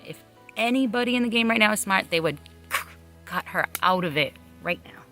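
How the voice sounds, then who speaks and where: A woman's voice: mid-range voice, expressive, brisk, bright, forceful tone, faint music behind. A woman speaking as a reality game contestant in a candid confessional, frank and blunt, swearing freely.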